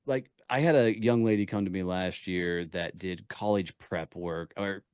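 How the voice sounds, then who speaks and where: A man talking as a podcast guest, telling energetic stories with punchy emphasis. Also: sits low, a little slow, clear, resonant tone, dry recording, clean studio sound. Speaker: podcast guest, networking speaker. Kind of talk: casual interview talk.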